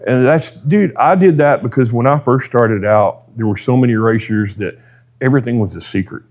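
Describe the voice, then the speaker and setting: Here's a podcast guest from Texas, a drag racer, recounting his story casually and folksily, wandering off track and dropping "dude" and quoted exchanges throughout. His voice is mid-range and a little mellow, moving at a normal speed.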